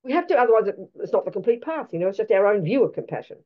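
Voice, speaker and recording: Animated woman giving a Buddhist teaching. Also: mid-range voice, rapid-fire, dull audio. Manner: animated, emphatic and blunt, with rhetorical questions.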